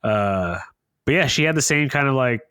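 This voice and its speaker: A man co-hosting a casual podcast chat, animated and quick to laugh. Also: mid-range voice, clear, resonant tone, dry recording, clean studio sound. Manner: animated, laughs often, breaks into silly voices. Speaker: podcast co-host.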